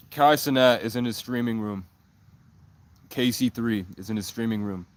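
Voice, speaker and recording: A man's voice: medium pitch, normal speed, pauses often, a little hiss or hum. A man from Vermont, rambling on a live stream and jumping between wild claims. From Vermont, USA. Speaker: livestreamer.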